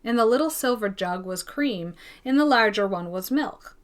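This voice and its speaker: A woman reading a classic novel aloud in an even, gentle storytelling manner. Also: a little high, normal speed. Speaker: narrator of an audiobook. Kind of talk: scripted audiobook narration.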